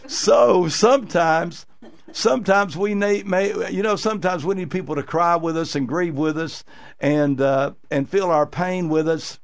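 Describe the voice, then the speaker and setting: Pastor guy preaching, raspy gravelly voice, kinda high, earnest and repetitive. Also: unhurried. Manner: earnest preaching with repeated phrases and fillers. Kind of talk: sermon. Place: radio church broadcast.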